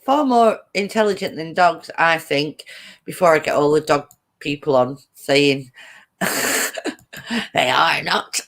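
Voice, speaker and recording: A woman's voice: low-pitched, lively intonation, extremely slow, long pauses. A woman hosting a casual live-stream chat, giggling often and greeting viewers as she reads their comments.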